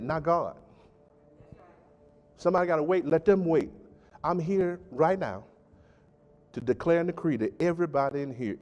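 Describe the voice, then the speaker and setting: A man pastor preaching a sermon with emphatic call-and-response delivery, swinging between loud and soft. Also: medium pitch. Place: church sanctuary. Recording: church hall with long reverb.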